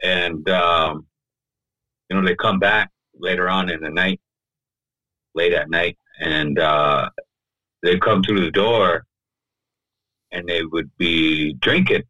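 Low, forceful male storyteller. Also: fairly even intonation, slow pace, long pauses, dry recording, highs cut off. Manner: loose and talky, fills with "you know" and "right?". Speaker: podcast guest. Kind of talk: personal storytelling in conversation. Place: podcast studio.

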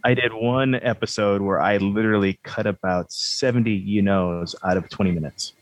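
Low-voiced man in rambling podcast chat. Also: fairly even intonation, moderate pace, no room sound. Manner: rambling, self-deprecating, joking. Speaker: podcast host.

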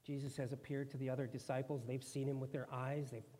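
A man's voice: mid-range voice, flat delivery, fast talker, dark tone. A man preaching a sermon in a conversational way, now and then acting out quoted voices. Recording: long hall reverb.

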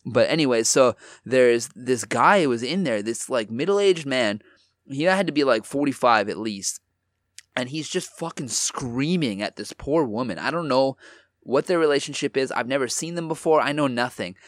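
A man's voice: mid-range voice, animated, moderate pace, no room sound, studio quality. A young man telling a story in a casual podcast chat, loose and full of swearing and "like" fillers.

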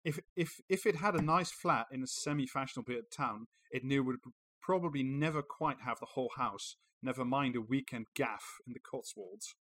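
A man's voice: medium pitch, a little fast, fairly bright tone, rough recording. A man co-hosting a podcast, reading an article aloud and adding sarcastic, profane commentary. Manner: sarcastic, swears freely. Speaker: podcast co-host.

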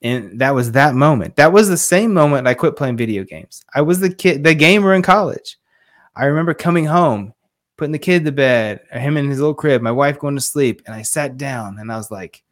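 A man in his forties talks earnestly as a podcast guest, a fatherhood coach retelling a moving story. His voice sits at an ordinary middle pitch and he gets audibly emotional, slipping into the voices of the people he quotes. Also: fairly quick. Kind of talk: casual interview storytelling.

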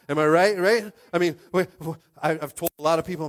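A man preaching a sermon as pastor, animated, swinging from hushed confiding to shouting and acting out little scenes. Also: on the high side, brisk, few pauses.

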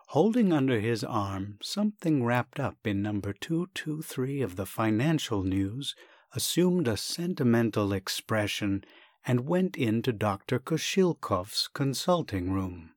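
A man narrating a classic short story in a measured, expressive reading. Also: medium pitch, no echo, clean studio sound. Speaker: story reader. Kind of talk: scripted narration.

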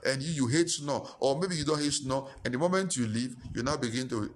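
A male pastor, preaching a sermon with impassioned repetition and sudden high-pitched emphasis. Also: fairly quick, few pauses, slight background noise.

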